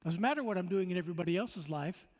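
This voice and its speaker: A pastor preaches a sermon in a church sanctuary, emphatic and full of rhetorical questions, often stammering and restarting. His voice sits high with lively intonation, a quick pace and a darkish tone. Long church reverb fills the recording.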